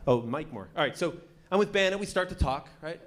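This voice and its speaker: Animated male stand-up comic. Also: fairly high pitch, brisk. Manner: storytelling, animated acting-out of characters. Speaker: stand-up comedian. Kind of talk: stand-up routine. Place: comedy club stage. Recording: live club recording with audience noise.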